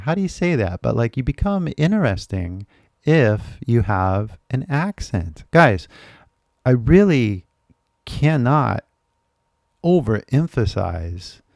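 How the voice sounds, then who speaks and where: Chatty man with a gravelly dark voice. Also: medium pitch, dry recording, clean studio sound. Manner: chatty, laughs often, switches languages mid-sentence. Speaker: English teacher and live streamer. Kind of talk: casual live stream talk, mixing English and Japanese.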